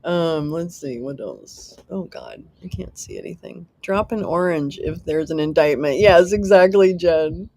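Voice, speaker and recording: A woman's voice: sits low, lively intonation, unhurried, hardly any pauses, a little mellow. A woman hosting a casual live stream, chatting with viewers, reading the chat aloud, laughing often and swearing casually with a self-mocking humor. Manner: chatty, giggly, reads chat aloud and jokes. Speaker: livestream host.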